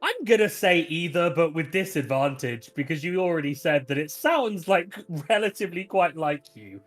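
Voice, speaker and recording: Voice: medium pitch, animated, normal speed. A game master running a tabletop role-playing session, making rules calls and laughing often.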